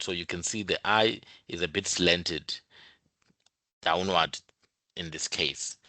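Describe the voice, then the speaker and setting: Man, informal explainer, bright tone, dry close sound. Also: sits low, takes it slowly, long pauses, no echo. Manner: explains step by step, repeats points, many fillers. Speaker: channel host.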